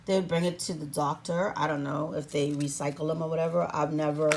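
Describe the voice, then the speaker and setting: A woman's voice: low-pitched, fairly even intonation, brisk, a little mellow, a little hiss or hum. A woman talking through a how-to vlog in a playful, sassy, chatty way, recording herself at home on a camera stand. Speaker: vlogger.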